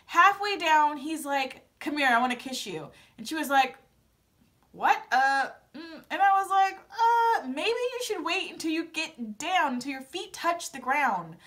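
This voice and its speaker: A woman's voice: high voice, a bit bright. A young woman casually recapping a reality TV episode, chatty and dramatic, acting out her own reactions. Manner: chatty, dramatic asides, playful quoted reactions. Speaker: recap vlogger.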